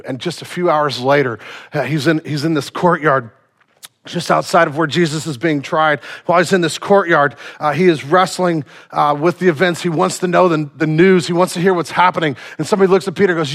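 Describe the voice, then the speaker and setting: A man preaching a sermon, retelling a story in casual slang and swinging from loud to hushed. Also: sits high, fast talker.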